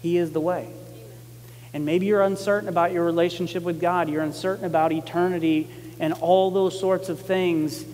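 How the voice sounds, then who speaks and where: A male pastor preaching a sermon in a conversational, emphatic way, repeating key lines and getting animated when he quotes people. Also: sits high, normal speed, long reverb tail, slight background noise.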